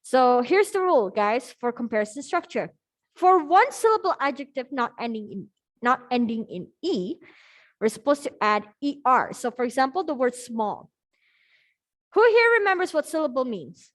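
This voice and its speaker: A woman's voice: high-pitched, sing-song, moderate pace. A woman teaching an English grammar lesson over a video call, upbeat, checking in with the class often. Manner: upbeat, checks in often with "okay?" and "all right?".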